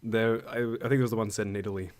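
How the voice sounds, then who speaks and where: A man's voice: on the low side, level tone, racing, darkish tone. Rambling, swearing man chatting. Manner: rambling, stumbling restarts, swears casually. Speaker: podcast co-host. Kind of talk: casual chat.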